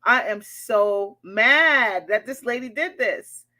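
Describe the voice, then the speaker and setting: A woman's voice: a little high, expressive, slow pace, bright, forceful tone. A woman therapist on her vlog, bluntly and indignantly picking apart a post and swearing freely. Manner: indignant ranting. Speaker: therapist reacting to a social media post. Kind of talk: reaction vlog commentary.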